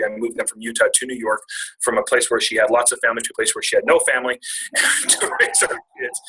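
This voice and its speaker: A man's voice: mid-range voice, pushed and bright, rough recording. A man in his twenties telling a personal family story at a retreat, rambling and self-deprecating with jokes. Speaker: speaker at a retreat.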